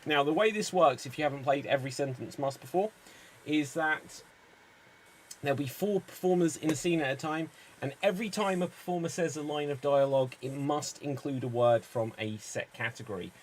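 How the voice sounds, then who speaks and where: Brisk man hosting an improv show. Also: a little high. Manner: brisk, upbeat, explains rules step by step.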